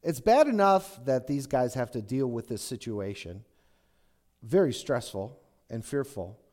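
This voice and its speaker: A male pastor giving a sermon in an animated, conversational storytelling manner. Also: medium pitch, unhurried.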